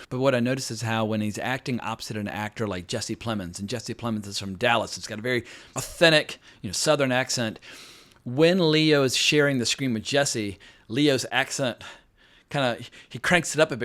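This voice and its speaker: A man reviewing a film in a loose, conversational way, blunt about what he thinks. He talks at a middle pitch for a man, often circling back with fillers and restarts. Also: fairly quick, a bit bright. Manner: candid, chatty, frequent fillers and restarts. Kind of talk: casual spoken film review.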